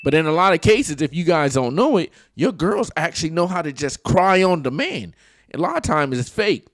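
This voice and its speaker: A man's voice: a little high, moderate pace, no echo. Male reaction host, mocking and crude, bouncy intonation, close dry sound. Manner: mocking, profane and animated. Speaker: commentary host. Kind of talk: reaction commentary.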